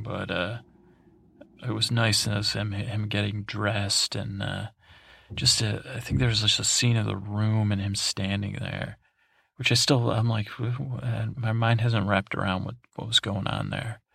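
A man's voice: lowish voice, creaky, fairly bright tone, dry recording, clean studio sound. A man hosting a sleep podcast, recapping in a meandering, digressive way full of fillers and restarts. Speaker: podcast host.

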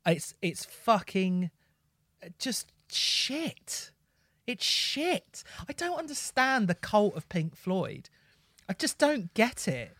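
A man co-hosting a casual music review chat, blunt, sweary and mocking, breaking into excited rants. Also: sits high, unhurried, no echo, studio quality. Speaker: podcast co-host.

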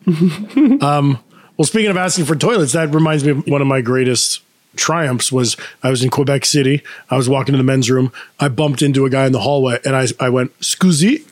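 A man's voice: medium pitch, steady tone, fast, no room sound. A man in casual podcast chat, telling rambling anecdotes and quoting people in put-on voices. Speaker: podcast co-host.

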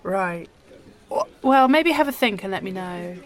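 Woman doing deadpan agency girl, giggly, mid voice, comedy sketch. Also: medium pitch, a little slow, lightly acted. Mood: unbothered. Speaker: talent agency assistant.

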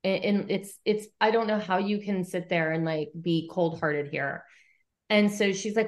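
A woman chatting on a podcast, retelling scenes with lively put-on quotes. She talks casually and swears now and then. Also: on the low side, unhurried. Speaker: podcast co-host recapping episodes. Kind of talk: casual chat.

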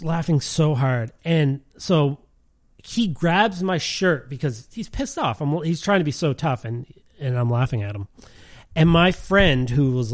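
A man's voice: mid-range voice, no room sound, clean studio sound. Rambling man telling a story. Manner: rambling, lots of "like", laughs while telling. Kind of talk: casual chat.

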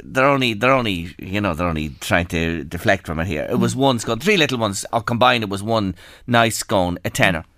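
An Irish man hosting a radio show, chatting in an animated, joking way with quick asides. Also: on the low side, no echo. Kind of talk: casual radio chat. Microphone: studio microphone.

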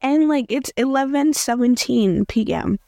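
A woman's voice: high-pitched, measured pace, vocal fry, dark tone, no room sound, studio quality. A young woman from Africa hosting a casual audio journal podcast, chatty and rambling with many fillers and restarts. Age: young adult. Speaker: podcast host.

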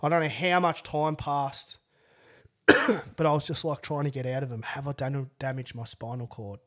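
A young Australian man, a podcast guest, tells a long story in casual interview chat, rambling with restarts and swearing freely. His mid-range voice is steady, fairly bright, and at a normal speed.

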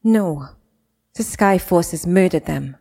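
A woman voicing a weak, grieving young woman who speaks quietly and wearily in an audiobook. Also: fairly low pitch, expressive, slow pace, vocal fry, breathy edge, heavily acted.

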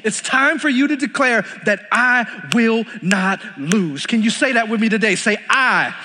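A man's voice: very high-pitched, normal speed, pushed and bright. A young man with a Texan accent preaching a sermon as pastor, emphatic and repeating lines for stress. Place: church sanctuary. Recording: long reverb of a large hall.

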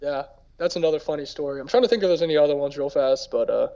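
A man's voice: on the high side, mellow. A man co-hosting a podcast, telling stories in casual chat and saying "like" constantly. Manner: rapid storytelling full of "like". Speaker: podcast co-host. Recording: dull lo-fi mic.

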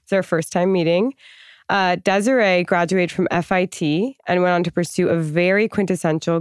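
A woman's voice: lowish voice, smooth, no echo, studio quality. A woman hosting a podcast, chatting casually with her guest and reading her introduction. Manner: warm, laughs easily, reads the guest intro. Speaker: podcast host. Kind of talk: casual interview chat.

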